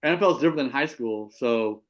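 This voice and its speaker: A man hosting a casual sports talk show, animated and quick to repeat himself as he asks his co-hosts questions. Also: medium pitch. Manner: animated, repeats and restarts words. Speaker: show host and football official.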